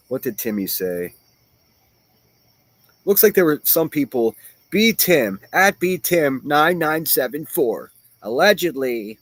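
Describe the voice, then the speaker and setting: A man's voice: medium pitch, dry recording. A man hosting a livestream, reading chat and ranting in a profane, mocking and combative way. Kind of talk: casual livestream rant.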